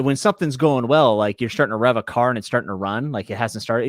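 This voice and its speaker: A man's voice: mid-range voice, fast, few pauses, dry recording, studio quality. A man hosting a podcast, joking and bantering in a laid-back way. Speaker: podcast host. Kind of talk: casual chat.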